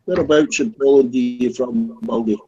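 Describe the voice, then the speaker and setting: A man's voice: medium pitch, steady tone, normal speed, a little mellow, husky. A man from Wales in a casual online voice chat, teasing others with crude, profane banter. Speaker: voice chat participant. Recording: dull lo-fi online voice chat audio.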